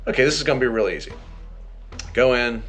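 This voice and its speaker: A man's voice: medium pitch, lively intonation, quick pace, a bit bright, faint music behind. A man giving casual, chatty commentary while playing through a video game, often exasperated at its difficulty. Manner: chatty, exasperated, exclaims at failures. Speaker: gameplay walkthrough host.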